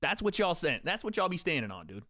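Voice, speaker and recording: A man's voice: on the high side, big pitch swings, fast talker, sharp tone, no echo, clean studio sound. A young man hosting a livestream, joking and swearing casually as he talks to his chat. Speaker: streamer host.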